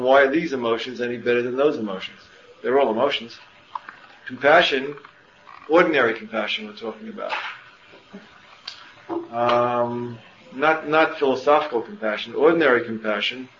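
Homem dando aula em sala ecoante. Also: male voice, mid-range voice, vocal fry, fairly bright tone, slight background noise. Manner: questioning, rhetorical, many restarts. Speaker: Torah teacher. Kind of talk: classroom lecture. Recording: muffled roomy classroom recording with faint ambience.

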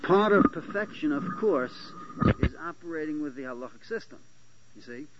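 A man giving a Talmudic lecture to a small class, halting and restarting often and checking that his listeners follow. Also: fairly high pitch, animated. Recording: dull lo-fi lecture recording with faint hiss.

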